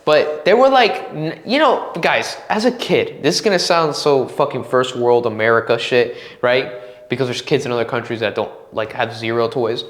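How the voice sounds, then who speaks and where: Twenties dude cussing through a rambling story, mid pitch, echoey room. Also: male voice, lively intonation, moderate pace, a bit bright. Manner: profane, rambling, acts out quotes. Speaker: podcast host. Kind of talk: solo storytelling podcast. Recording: roomy echo.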